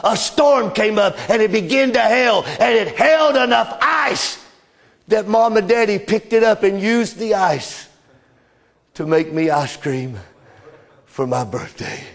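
A man preaching a sermon, telling stories with passion and swinging between loud cries and hushed drops. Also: high-pitched, expressive, a little slow, vocal fry.

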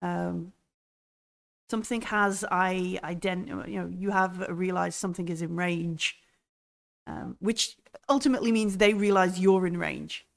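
A woman's voice: fairly low pitch, fairly even intonation, measured pace, creaky. A woman running a tabletop role-playing game as its game master. She talks her way through each scene with frequent ums and likes, setting things up in a loose, hesitant way.

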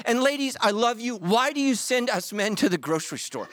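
Animated joking pastor, lively man's voice. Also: high-pitched, moderate pace. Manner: animated storytelling with jokes and acted-out quotes. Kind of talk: sermon.

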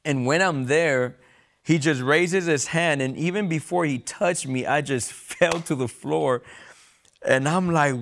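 Gravelly young man telling his story. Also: a little high, measured pace, fairly bright tone. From San Diego, USA. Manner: earnest, repeats words when emotional. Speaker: testimony guest. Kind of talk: personal testimony storytelling.

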